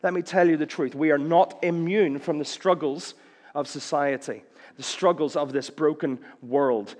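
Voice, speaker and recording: A man's voice: moderate pace, darkish tone, long reverb tail. A man preaching a sermon, impassioned, acting out quoted cries as his voice rises. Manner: impassioned, acts out quoted cries with rising pitch.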